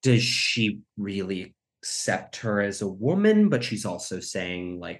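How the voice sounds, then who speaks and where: A man co-hosting a podcast, discussing a film in a halting, rambling way, with many restarts. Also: lowish voice, lively intonation. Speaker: podcast co-host.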